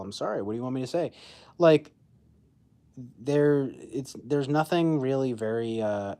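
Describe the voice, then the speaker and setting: A man in his twenties with a medium-pitched, darkish voice chats casually on a phone livestream. He rambles, using lots of fillers and making self-mocking asides.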